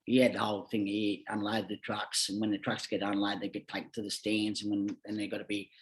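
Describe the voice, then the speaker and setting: A man's voice: lowish voice, completely flat delivery, a little fast. An Australian man telling rambling stories as a podcast guest, talking bluntly and swearing freely. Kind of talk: casual storytelling.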